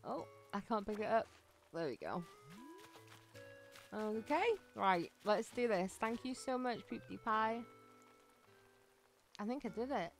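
This is a gaming livestream with faint music behind it. The woman speaking has an animated mid-range voice, talks a little slowly with long pauses, and keeps up bubbly, casual chatter full of gushing thanks, gasps, and giggles.

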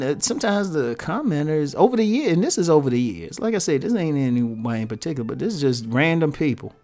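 On his own YouTube channel, a man with a slightly high, slightly mellow voice delivers casual talking-head commentary to his viewers. He laughs often and throws out rhetorical questions as he chats.

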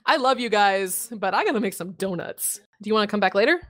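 A woman's voice: mid-range voice, animated, quick pace, fairly bright tone. Laughing, casual woman podcast co-host. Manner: laughs often, swears casually, self-mocking. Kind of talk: casual chat about tabletop games.

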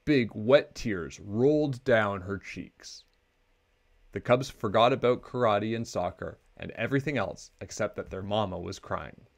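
At a measured pace, a lowish, vocal-fry-tinged male voice reads a children's picture book aloud with expressive storytelling flair.

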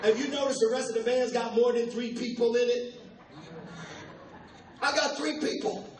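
Older man, high voice, playful stand-up crowd work, tired voice, echoey club, heard from a distance. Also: steady tone. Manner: loose, playful crowd work with quick asides to the audience. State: tired voice from weeks of touring. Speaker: stand-up comedian and impressionist. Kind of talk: live stand-up comedy. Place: comedy club stage before a live audience. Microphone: handheld stage mic. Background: audience laughter and room ambience.

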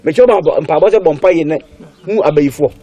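A man's voice: fairly high pitch, fairly quick, dark tone, natural voice. An actor playing a stern man who lectures his family in a film drama. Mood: lecturing.

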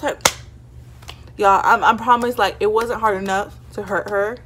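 A young woman telling a casual storytime vlog, chatty and animated, full of "like" and "y'all" fillers. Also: mid-range voice, moderate pace, slightly rough. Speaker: vlogger. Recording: faint background noise.

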